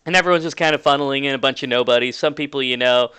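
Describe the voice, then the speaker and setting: A man narrating a tabletop game as game master in a relaxed, chatty way. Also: medium pitch, rapid-fire, clear, resonant tone, dry recording.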